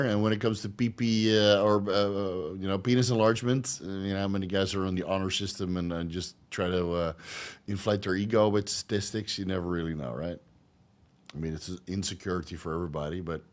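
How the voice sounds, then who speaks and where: A man hosting a casual livestream Q&A, rambling and crude, laughing often and filling pauses with ums and uhs. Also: sits low. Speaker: channel host answering live chat questions.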